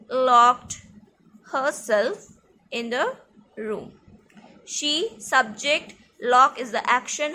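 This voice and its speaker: A woman teacher giving a grammar lesson, repeating each example slowly and checking in with "okay" and "see". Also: sits high, bright, forceful tone, slight background noise.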